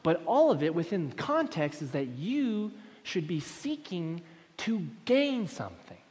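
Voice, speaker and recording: A man preaching a sermon to a congregation, moving between loud emphatic points and quiet, low asides. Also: sing-song, measured pace. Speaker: pastor. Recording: long hall reverb.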